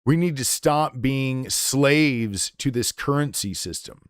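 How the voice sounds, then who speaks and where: A man's voice: medium pitch, lively intonation, takes it slowly, clear, resonant tone, no echo, studio quality. A man streaming live, delivering an impassioned, profanity-laced rant in a blunt, unscripted way. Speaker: game streamer.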